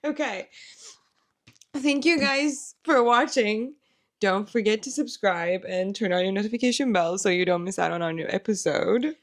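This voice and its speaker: A woman's voice: medium pitch, moderate pace. A young woman co-hosting a podcast in casual chat, teasing and joking, a little tipsy. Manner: teasing, joking, laughing often. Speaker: podcast co-host.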